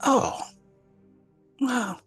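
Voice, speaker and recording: A woman's voice: very slow, fairly bright tone, soft background music. A woman playing a tabletop game with friends, chatty and full of questions. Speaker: player. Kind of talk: casual tabletop game chat.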